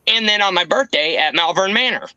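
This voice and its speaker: Profane, ranting man with lively pitch. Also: a little fast, clean tone, dry recording, dull audio. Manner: profane ranting, mocking impressions. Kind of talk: casual chat.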